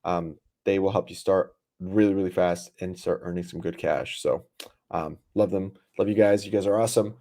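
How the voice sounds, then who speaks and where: A man's voice: deep voice, steady tone, moderate pace, mellow. A man hosting a podcast in a laid-back, casual way with many fillers. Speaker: podcast host.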